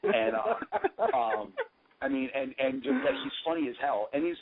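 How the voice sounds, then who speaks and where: A man's voice: mid-range voice, big pitch swings, measured pace, over a noisy crowd. Rambling, profane man over a tinny phone line. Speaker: pro wrestler interview guest. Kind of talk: casual storytelling.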